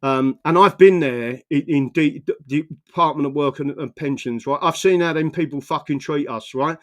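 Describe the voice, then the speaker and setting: A man's voice: a little high, normal speed. A man from England, delivering an angry, profanity-filled political rant full of stammering restarts. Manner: furious, swearing, stammering restarts. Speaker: political commentator.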